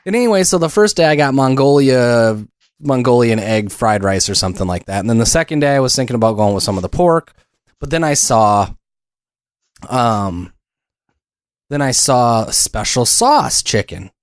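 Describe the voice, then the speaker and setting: A man co-hosts a casual podcast, rambling through stories and acting out both sides of each exchange. His voice sits at a middle pitch. The sound is dry and close to the mic. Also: expressive, normal speed, dry recording. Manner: rambling storyteller who acts out quoted exchanges. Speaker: podcast co-host. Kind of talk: casual chat.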